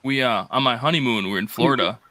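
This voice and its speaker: A man from Wisconsin in casual chat, telling animated stories and acting out quotes. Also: quick pace, no room sound. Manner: animated, acts out quotes in high voices.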